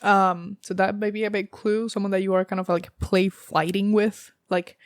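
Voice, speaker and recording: Recorded dry and in studio quality, this tarot reader speaks at normal speed in a medium-pitched, flat voice. She's a young woman from the United States with a slight Southern accent, and her reading rambles along casually, packed with fillers and small laughs.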